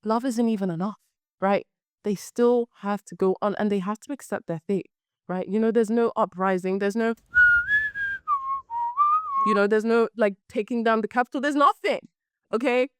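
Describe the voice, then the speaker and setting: A young woman hosts a casual book podcast, her voice slightly hoarse yet smooth and resonant. She talks animatedly and repeats words for emphasis. The sound is dry and close, with no room echo. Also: medium pitch, normal speed, long pauses. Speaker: podcast host.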